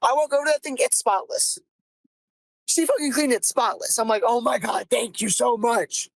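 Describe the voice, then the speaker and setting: A young woman hosting a podcast, telling a comic story about her first job in an animated, exasperated way and swearing freely. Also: high voice, no echo, poor audio. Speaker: podcast host.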